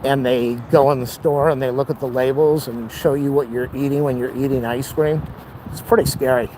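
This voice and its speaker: A man's voice: mid-range voice, steady tone, moderate pace. A man vlogging while he walks city streets, ranting with strong opinions and out of breath from the uphill climb. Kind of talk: rambling walking vlog. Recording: faint street noise outdoors.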